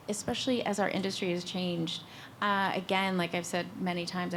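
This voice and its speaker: A woman's voice: on the low side, a little hiss or hum. Chatty, enthusiastic middle-aged woman. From Georgia, US. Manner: chatty, enthusiastic, self-deprecating. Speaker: guest actor on a convention panel. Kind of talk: casual panel chat.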